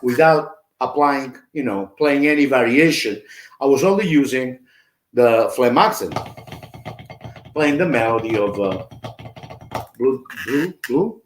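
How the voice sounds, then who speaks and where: Male drum teacher, chatty and slow-spoken, recorded in an echoey room with drumming. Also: medium pitch, expressive, faint music behind. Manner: chatty, scats drum patterns aloud. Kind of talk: live online drum lesson. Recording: roomy, with drumming behind.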